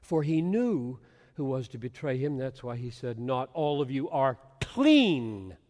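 A man preaching an expository sermon, swinging from hushed whispers to loud emphatic bursts. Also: mid-range voice, big pitch swings, a little slow. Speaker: pastor. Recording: long hall reverb.

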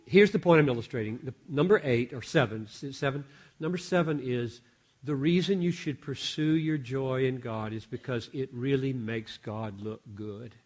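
An older American man preaching a sermon, telling a story with animated delivery and frequent self-corrections. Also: medium pitch, moderate pace.

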